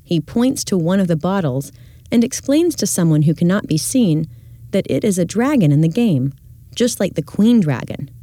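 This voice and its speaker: A woman reading a scripted audio description of classroom video clips in a measured, clear way. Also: lowish voice, very animated, mellow, dry recording.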